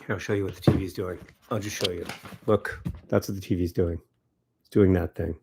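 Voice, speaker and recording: A man's voice: low voice, steady tone, brisk, vocal fry, background noise. A man, chatting casually on a livestream, giving exasperated, wry running commentary to viewers. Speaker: livestreamer signing autographs.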